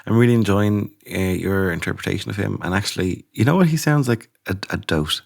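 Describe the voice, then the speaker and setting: A low-pitched man riffs with dry, deadpan humour in a casual podcast chat. His delivery stays understated. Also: a little fast, gravelly. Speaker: podcast co-host.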